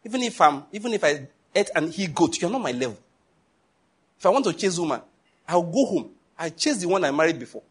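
Husky preacher telling stories. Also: male voice, a little high, big pitch swings, fairly quick. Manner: storytelling preacher, acting out dialogue, laughing at his own stories. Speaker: pastor. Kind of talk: sermon.

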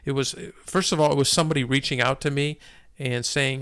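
A man's voice: medium pitch, steady tone, a little fast, a bit bright, clean tone, dry recording, clean studio sound. A man in his fifties sharing a personal faith testimony in a casual, hesitant way, with frequent restarts. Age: 50s. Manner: hesitant, many restarts and fillers.

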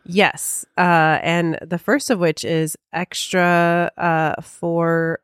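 A woman co-hosting a podcast, chatting casually with plenty of fillers and restarts. Her voice sits on the low side for a woman, and the recording is dry and close. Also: fairly even intonation, extremely slow, smooth, no echo. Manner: chatty, filler-heavy, hesitant. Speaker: podcast co-host.

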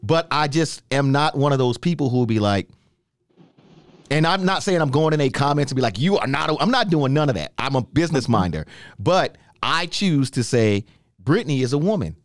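A man from New York hosting a podcast, telling a story in a casual chat with lively, emphatic questions. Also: medium pitch, normal speed, no room sound, clean studio sound. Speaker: podcast host.

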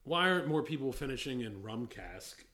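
Middle-aged man, average pitch, loose rambling talker who cuts himself off and laughs a lot; casual podcast co-host. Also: animated, moderate pace, pushed and bright. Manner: rambling, self-interrupting, laughs easily. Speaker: podcast co-host, whiskey industry veteran. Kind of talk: casual chat.

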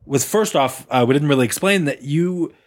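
A man tells a story to his friends in a loose, laughing chat. His voice sits a little high and moves around a lot. He keeps getting pulled off track and laughs his way back in. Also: lively intonation, normal speed. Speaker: podcast host. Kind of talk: casual chat among friends.

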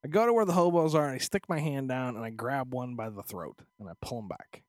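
A man's voice: mid-range voice, fast talker, dry recording, clean studio sound. A man co-hosting a casual podcast, joking, crude and teasing. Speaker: podcast co-host. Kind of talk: casual chat.

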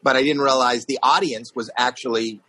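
A middle-aged man telling a long comic story on a talk show, acting out the voices with high squeaks. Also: steady tone, a little fast, pushed and bright, slightly rough, poor audio. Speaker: stand-up comedian guest telling a story.

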